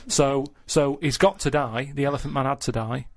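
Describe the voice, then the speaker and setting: A middle-aged man talks in a flat, deadpan manner, wandering through his stories at an unhurried pace. The recording is close and dry, with no room sound around his voice. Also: medium pitch, no echo. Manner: deadpan, rambling storyteller. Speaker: podcast regular. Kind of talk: casual chat.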